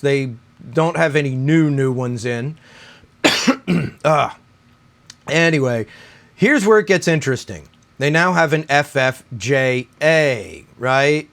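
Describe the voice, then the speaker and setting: A man's voice: a little high, a bit bright. A middle-aged man chatting casually in a guitar vlog, a little out of breath after a run and rambling with lots of "right?". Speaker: guitar review YouTuber.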